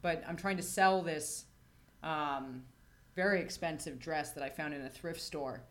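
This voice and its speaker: A woman's voice: deep voice, a little slow. A woman co-hosting a casual podcast chat in student housing, chatty and wry, often laughing. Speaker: podcast co-host.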